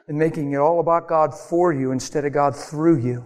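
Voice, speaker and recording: A man preaching a sermon in a storytelling way, animated, laughing often and acting out the voices of the people in his stories. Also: fairly high pitch, moderate pace, few pauses, in a large hall.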